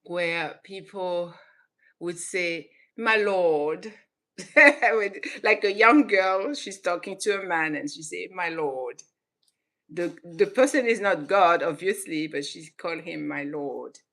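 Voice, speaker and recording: A woman from Senegal who grew up in southern France hosts her own channel and talks casually to camera. She gets animated, laughs often and restarts her sentences. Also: fairly low pitch, a little slow. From Senegal, raised in southern France. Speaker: channel host.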